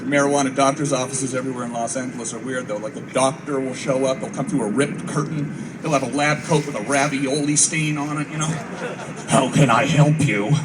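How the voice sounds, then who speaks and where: A man's voice: medium pitch, fairly even intonation, quick pace. A man in his thirties doing a rambling stand-up comedy set for troops, acting out voices and swearing a lot. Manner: rambling storytelling, acts out voices, frequent swearing. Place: outdoor military base show. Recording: far-off mic, noisy open-air ambience.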